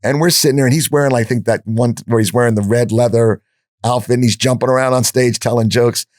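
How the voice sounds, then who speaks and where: A man's voice: medium pitch, fast talker, no room sound, clean studio sound. An older man guest on a podcast, telling stories bluntly and with profanity, acting out the dialogue he quotes. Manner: animated storyteller, acts out quoted dialogue. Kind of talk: storytelling in an interview.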